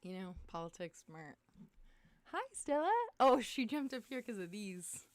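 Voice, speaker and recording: A young woman chats on a home livestream, excitable and quick to jump between topics. Her mid-range voice sounds tired and a little worn, as if she is losing it. The sound is dry and close, with no room echo. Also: medium pitch. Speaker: livestream host. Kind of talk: casual livestream chat.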